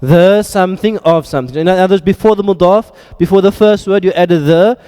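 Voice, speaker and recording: A male teacher leads a classroom lecture with a high, mellow voice. He quizzes the students and drops playful jokes between drills. A long reverb hangs on every word. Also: brisk, clear, resonant tone. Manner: quizzing students, joking asides. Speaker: Arabic grammar teacher.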